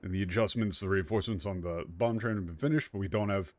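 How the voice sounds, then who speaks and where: A tired young man giving animated, joking let's-play commentary as a streamer, swearing freely. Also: low voice, quick pace, no room sound. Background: faint game music.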